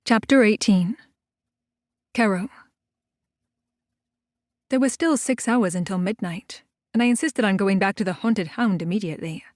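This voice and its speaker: Female audiobook narrator, steady even first-person reading, no room sound. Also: medium pitch, a little slow, pauses often, no room sound, clean studio sound.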